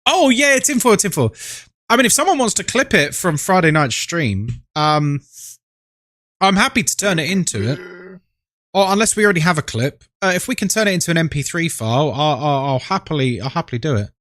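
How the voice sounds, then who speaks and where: A man's voice: on the high side, very animated, fairly quick, fairly bright tone, no echo, studio quality. A man hosting a live stream, greeting his viewers by name in a chatty, playful, affectionate way.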